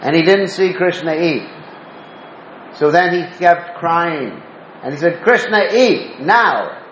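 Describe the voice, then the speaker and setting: A man's voice: on the high side, slow pace, slight background noise. Man teaching in a roomy space. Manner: asks the listeners questions, storytelling. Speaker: spiritual teacher. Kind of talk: devotional talk with storytelling. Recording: roomy dull lo-fi recording with faint ambience.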